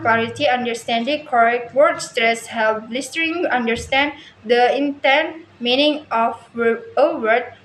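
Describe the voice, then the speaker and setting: A woman reads a class presentation aloud, slowly and haltingly, restarting some words. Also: fairly high pitch, a little hiss or hum. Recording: echoey room, faint ambience.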